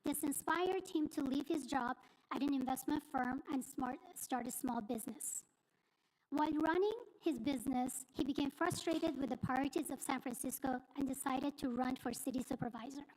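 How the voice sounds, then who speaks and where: A woman resident reading a prepared statement at a school board public comment, steady with small slips. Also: high voice, normal speed, rough recording. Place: school board meeting room.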